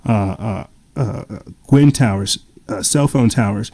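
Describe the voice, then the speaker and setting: Guy on a podcast, mellow warm tone, lots of uh and like, keeps restarting. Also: on the low side, a little slow, vocal fry, husky. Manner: rambling, many fillers and restarts. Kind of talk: casual podcast chat.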